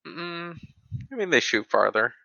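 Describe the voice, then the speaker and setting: A man's voice: fairly high pitch, very animated, measured pace, creaky, bright, forceful tone, dry recording. A man on a podcast panel, explaining game rules in casual chat. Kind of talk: casual tabletop wargame chat. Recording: dull lo-fi mic.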